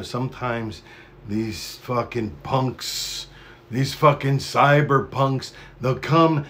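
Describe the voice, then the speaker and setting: Gravelly-voiced man ranting on a stream. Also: on the low side, fairly bright tone, slight background noise. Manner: profane, conspiratorial, rambling. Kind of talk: rambling live-stream monologue.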